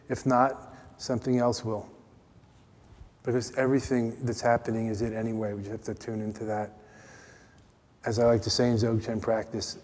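An American man giving a playful, teasing meditation talk at a retreat, his voice dropping to soft, quiet tones. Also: mid-range voice. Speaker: meditation teacher. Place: retreat meeting hall. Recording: long hall reverb.

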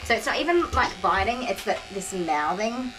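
A woman's voice: mid-range voice, sing-song, moderate pace, noisy background. A tired woman, a dog groomer chatting casually to the camera on a tripod while soothing a dog. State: tired, sore back. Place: grooming room. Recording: clippers buzzing behind.

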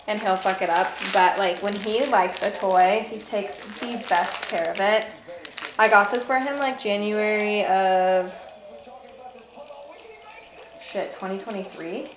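A young woman in her twenties chatting candidly in a home vlog, sore from a workout, swearing casually. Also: mid-range voice. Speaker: vlogger. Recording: echoey room with clear background noise.

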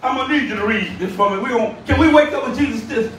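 Bishop preaching, very high bright voice, booming hall echo, mic far off. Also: male voice, racing, a little hiss or hum. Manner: shouting, call-and-response preaching. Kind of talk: sermon. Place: church sanctuary. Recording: echoey church room, distant mic.

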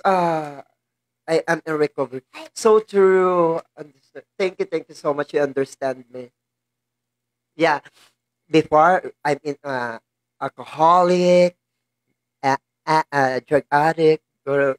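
A woman with a Filipino accent vlogs in a casual, chatty way while tearful and emotional. She speaks haltingly in a low-pitched voice, laughing through her tears, with no echo in the recording.

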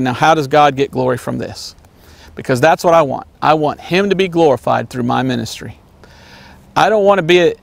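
A man preaching an earnest sermon, repeating his points and sometimes mocking name-callers in a high voice. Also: vocal fry, no echo. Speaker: evangelist preacher.

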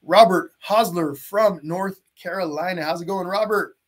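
Husky chatty male painting teacher. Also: sits high, moderate pace. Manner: chatty, greets viewers by name. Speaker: painting instructor. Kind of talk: live-streamed painting lesson.

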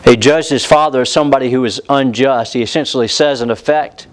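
A man's voice: mid-range voice, fairly quick, smooth, low-quality recording. A pastor preaching an impassioned sermon, acting out the voices of the people in the story he tells.

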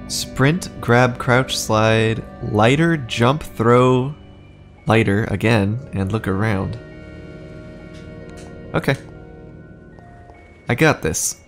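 A man's voice: medium pitch, takes it slowly, pauses often, faint music behind. A man streaming a horror game, chatting casually and reacting aloud as he plays, swearing now and then. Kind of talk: casual gameplay commentary.

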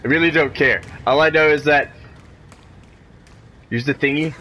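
A man's voice: on the high side, fairly even intonation, normal speed, pushed and bright. A man giving let's-play commentary on a horror game, jumpy and nervous, swearing a lot and talking to himself in nervous rambles. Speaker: video game player.

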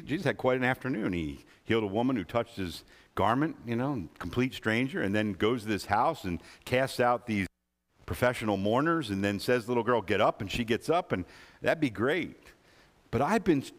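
A man preaching a sermon as a guest speaker, emphatic and repetitive, acting out the gospel characters' words as he goes. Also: lowish voice. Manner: emphatic, repeats key phrases, voices the gospel characters. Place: church sanctuary. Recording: long hall reverb.

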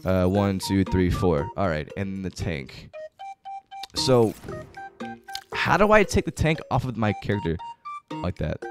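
Young male streamer, excitable and tired, lively pitch, faint game music behind. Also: unhurried, pauses often. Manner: excitable, swings between mumbling and shouting. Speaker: gaming streamer. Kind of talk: live-streamed gameplay commentary.

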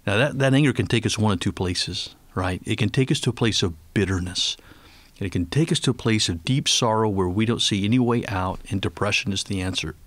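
A middle-aged man speaks in a low, earnest voice as a guest on a faith radio show. He talks tenderly and slows down when he prays aloud. The studio sound is close and dry. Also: dry recording. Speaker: ministry leader and guest.

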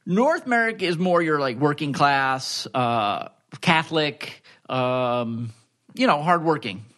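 A man from Long Island with a Long Island accent, co-hosting a podcast in casual chat with wry, deadpan humor. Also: a little high, slow pace. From Long Island, New York. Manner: easygoing, wry, deadpan jokes. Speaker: podcast co-host, resident historian.

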